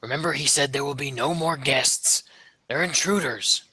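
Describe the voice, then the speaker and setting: Man voicing a goblin boss, scolding, harsh, bright and loud. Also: medium pitch, normal speed, slightly rough, no room sound, pitched above the performer's own voice, low-quality recording. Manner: scolding, barking. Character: bossy deeper-voiced male goblin leader.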